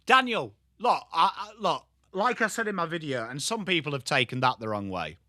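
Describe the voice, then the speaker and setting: Lively, bright-voiced English streamer. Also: male voice, fairly high pitch, normal speed, dry recording, studio quality. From England. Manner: chatty, blunt, replies to viewers by name between play calls. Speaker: livestream host. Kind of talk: live football watchalong chat.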